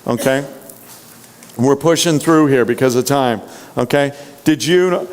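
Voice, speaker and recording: A man's voice: on the high side, clean tone. A man giving a motivational sales training talk, punchy and full of rhetorical questions to the audience. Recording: long hall reverb.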